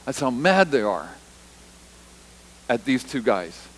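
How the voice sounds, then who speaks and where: In a church, a pastor preaches slowly in a mid-range, slightly bright voice with a sing-song lilt. He keeps it conversational, repeats points for emphasis, and voices the disciples' and Jesus's lines in short quotations. The audio is poor, with a little hiss or hum.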